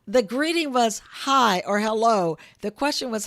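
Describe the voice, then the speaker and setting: A woman's voice: medium pitch, fairly quick, hardly any pauses, no room sound, studio quality. A middle-aged woman co-hosting a casual live chat, telling anecdotes with lots of laughter and acting out the other people in her stories. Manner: warm storyteller who laughs easily and acts out voices in her anecdotes. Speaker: co-host.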